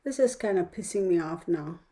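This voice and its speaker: In a rough recording with a dark tone, a woman with a lowish, expressive voice talks briskly while hosting a casual livestream from home on her phone. She's chatty and mutters to herself as she fiddles with the setup.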